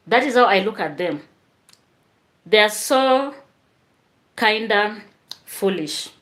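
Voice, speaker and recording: A woman's voice: mid-range voice, expressive, takes it slowly, fairly bright tone. A woman hosts a live stream, reading out viewer comments and chatting straight to her viewers.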